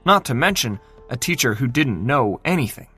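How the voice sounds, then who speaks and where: A man narrating a fantasy novel in an expressive, dramatic reading style. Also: mid-range voice, moderate pace, breathy edge, soft background music. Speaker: audiobook narrator.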